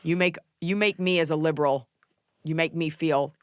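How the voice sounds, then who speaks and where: This podcast host has a low-sitting voice and keeps a moderate pace, captured with studio quality and no room sound. She chats casually, telling comic stories with animated delivery and doing impressions of people.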